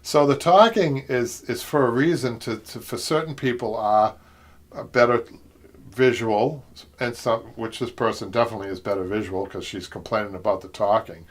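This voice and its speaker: A man's voice: mid-range voice, normal speed. A man with a Boston accent hosting a live upholstery show, chatting and rambling through viewer comments with frequent laughs. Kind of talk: live-stream chat reading viewer comments.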